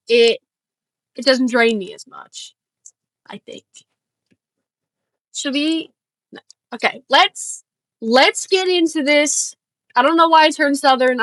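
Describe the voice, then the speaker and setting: High-pitched, unhurried woman streamer rambling. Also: a bit bright, dry recording, rough recording. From northern United States. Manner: rambling, self-deprecating, many fillers and trailing asides. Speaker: streamer reacting to videos. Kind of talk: casual reaction commentary.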